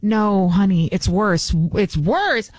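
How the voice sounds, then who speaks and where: A woman voicing a wife gently waking her elderly husband, cooing and soothing. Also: medium pitch, animated, slow pace, no room sound. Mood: grave. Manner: cooing, soothing, then grave.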